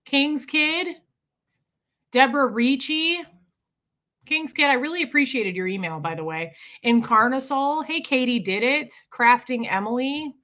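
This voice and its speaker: Fresh out of bed, a woman with a husky voice runs a relaxed home live stream, greeting viewers by name and chatting with them. Her voice sits high, her tone is sharp, and she takes her time.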